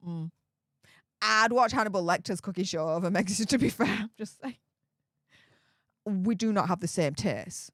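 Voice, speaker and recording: A woman's voice: medium pitch, moderate pace, pauses often, no echo, clean studio sound. A woman with a Yorkshire accent hosting a casual livestream, reading viewer messages with chatty, laughing, sarcastic asides. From Yorkshire, England.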